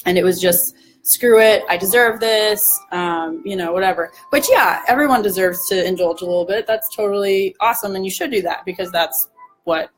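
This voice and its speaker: A young woman nutrition coach with a hoarse, roughened voice, chatting casually in a live-stream Q&A and acting out dieters' self-talk. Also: lowish voice, fairly quick, faint music behind, rough recording.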